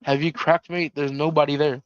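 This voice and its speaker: A man's voice: fairly high pitch, level tone, moderate pace, no room sound, lo-fi sound, lightly acted. A man voicing an impatient bus driver, blunt and brusque. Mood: irritated.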